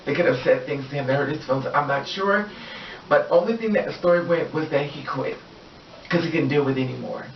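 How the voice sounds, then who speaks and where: A woman vlogger delivers a heated personal rant, emphatic and full of profanity, in a low-sitting voice. The room recording sounds echoey, distant and dull, with slight background noise.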